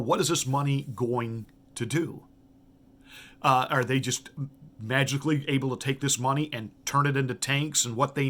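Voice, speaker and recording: Pastor firing off rhetorical questions. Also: male voice, medium pitch, fairly bright tone. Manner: rhetorical questions, emphatic with frequent restarts. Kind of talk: political commentary monologue.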